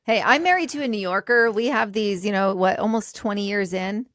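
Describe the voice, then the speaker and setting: A woman co-hosting a podcast, chatty and quick to react and laugh. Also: mid-range voice, fairly bright tone, no room sound, clean studio sound. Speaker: podcast co-host. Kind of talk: casual podcast talk.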